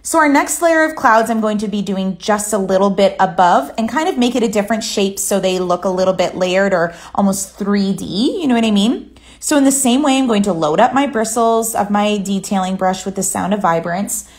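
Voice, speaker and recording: A woman giving a relaxed, chatty step-by-step nail art tutorial. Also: mid-range voice, moderate pace. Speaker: nail artist.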